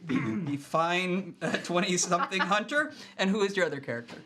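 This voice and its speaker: A man runs a tabletop game with a bright, clear voice. He narrates the scene and then banters with his players in a lively way. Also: sits high, fairly quick. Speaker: game master.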